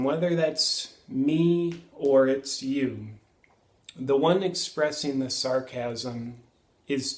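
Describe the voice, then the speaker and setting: A man in his thirties hosting a reflective self-help monologue, earnest and musing, pausing and correcting himself as he thinks aloud. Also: medium pitch, echoey room. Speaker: self-help video host.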